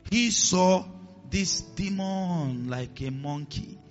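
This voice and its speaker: A man's voice: high voice, takes it slowly, highs cut off, soft background music. A man preaching a sermon as pastor, acting out voices in his stories and dropping to a hiss for commands. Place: church hall with a congregation.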